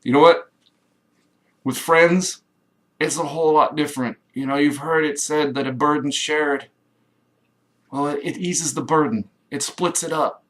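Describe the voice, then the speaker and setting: A middle-aged man from Kansas in a rambling, enthusiastic direct-to-camera pitch, acting out little quoted voices. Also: steady tone, measured pace, pauses often, a bit bright. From Kansas, USA. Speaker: home business promoter.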